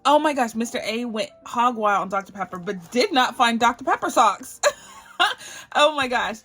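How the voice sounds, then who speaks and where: Bubbly, gushing woman with a high voice. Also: animated, moderate pace, fairly bright tone, faint music behind. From Barbados. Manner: bubbly, effusive, gushing thanks. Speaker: budgeting channel host. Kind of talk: casual unboxing vlog.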